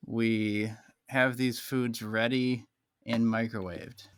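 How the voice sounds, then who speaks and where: A man co-hosting a podcast, cracking quick jokes and leading into the show's rating segment. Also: mid-range voice, flat delivery, clear, resonant tone, no room sound, studio quality. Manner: joking, quick quips, leads the rating segment. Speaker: podcast co-host. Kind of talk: casual chat and show segue.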